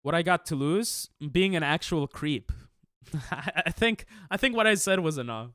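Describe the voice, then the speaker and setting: A man's voice: on the high side, lively intonation, measured pace, a bit bright, dry recording, studio quality. A male streamer in casual chat with his viewers, defensive and laughing, rambling with restarts.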